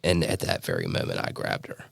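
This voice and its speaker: A man giving a personal testimony as a podcast guest, telling his story earnestly with halting restarts and fillers. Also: extremely low pitch, big pitch swings, vocal fry, dry recording. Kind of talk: personal testimony in a casual interview.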